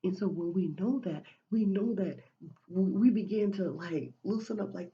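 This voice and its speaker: A woman's voice: mid-range voice, normal speed, mellow, highs cut off. Woman giving a spiritual pep talk. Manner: repetitive, preachy, many restarts. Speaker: motivational speaker.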